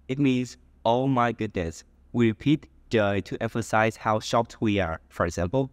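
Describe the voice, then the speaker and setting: A man's voice: medium pitch, moderate pace, dry recording. A man from Saigon with a Vietnamese accent, co-teaching a scripted language lesson in a plain explanatory way.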